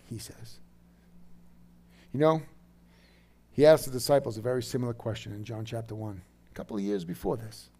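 A pastor in his thirties preaching a sermon, dropping to a soft, low voice and rising to loud, emphatic bursts. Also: fairly even intonation, moderate pace, long pauses, slight background noise.

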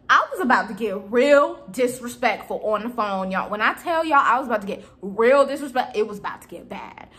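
A young woman in her twenties casually retelling a story to her viewers, animated and exasperated, acting out the dialogue. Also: fairly high pitch, moderate pace, few pauses. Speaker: vlogger telling a storytime.

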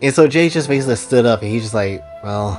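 A man's voice: mid-range voice, animated, quick pace, a little mellow, faint music behind. A man casually retelling a story in a loose, slangy way.

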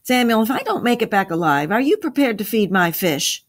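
A woman reading a story aloud and voicing a loud, good-humored man who complains with drawn-out words. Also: on the high side, sing-song, voice pushed up. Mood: complaining.

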